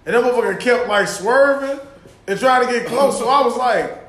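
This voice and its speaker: Profane high-voiced guy telling stories. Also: a little fast, fairly bright tone, reverberant. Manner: profane, laughing, acts out road-rage quotes. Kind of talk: casual storytelling chat.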